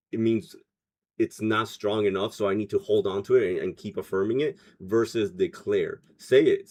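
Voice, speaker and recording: A man's voice: on the low side, a little mellow. A man hosting a spiritual livestream, chatting loosely, laughing often and reading viewer comments aloud. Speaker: meditation livestream host. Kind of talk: casual livestream chat.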